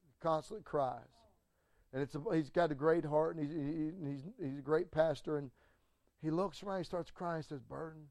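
A middle-aged man, a pastor, telling a story in a sermon with animated swings from loud to hushed and stammering restarts. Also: a little high, moderate pace, no room sound.

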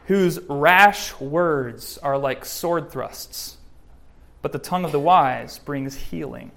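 A man giving a sermon, preaching in a lively, joking way with lots of rises and drops in voice. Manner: lively, joking preaching, varied pitch and loudness. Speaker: pastor.

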